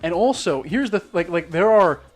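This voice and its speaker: Man, muted northern irish accent, raised pitch, skeptical rambling rant, profane, faint music behind. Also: animated, normal speed. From Northern Ireland. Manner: skeptical, ranting, swears a lot; rambling with many restarts. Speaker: streamer. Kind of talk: casual chat while drawing.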